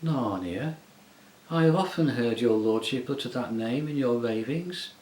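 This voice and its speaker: A man reading an audiobook, voicing a soft, soothing, half-mocking enchantress queen. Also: mid-range voice, expressive, a little slow, echoey room, lightly acted, rough recording. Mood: coaxing. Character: silky, coaxing enchantress queen, woman. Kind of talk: audiobook character voice.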